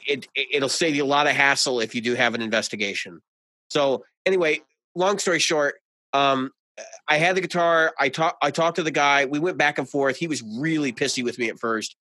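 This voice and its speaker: A man co-hosting a podcast, telling stories in a casual, animated way, laughing and swearing as he goes. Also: medium pitch, brisk, no room sound. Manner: animated storyteller, swears freely, laughs often. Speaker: podcast co-host. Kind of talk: casual chat.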